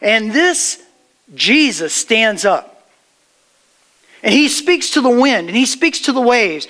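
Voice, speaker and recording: A man pastor preaching a sermon, retelling a scripture story with dramatic storytelling and sudden drops to a hush. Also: extremely high pitch, very animated, takes it slowly, pauses often.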